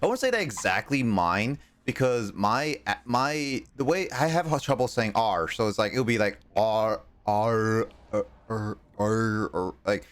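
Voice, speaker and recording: A man with a low, smooth voice chats casually over his gameplay. His R sounds carry a slight L-like tongue flick, and he rambles along with fillers and restarts. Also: fairly bright tone. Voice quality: R sounds bend toward L. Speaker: streamer. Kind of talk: casual chat while gaming.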